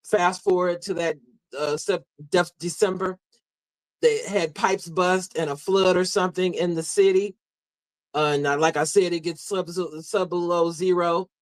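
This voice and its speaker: A man telling a story in a live audio discussion, halting and full of fillers. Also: high-pitched, steady tone, no room sound, rough recording. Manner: halting, many fillers and restarts. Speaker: guest speaker.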